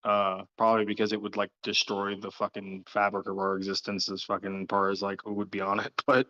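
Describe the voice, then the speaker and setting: A man's voice: on the low side, completely flat delivery, fairly quick, pushed and bright, dull audio. A man hosting a late-night livestream who rambles casually, swears a lot and laughs often. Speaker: livestream host.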